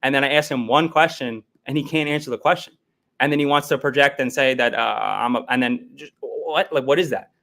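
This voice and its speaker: A man's voice: mid-range voice, brisk, gravelly, sharp tone. A man arguing on a livestream, swearing constantly, repeating himself and demanding straight answers. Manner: profane, heated, repetitive, demanding answers. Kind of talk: confrontational livestream argument.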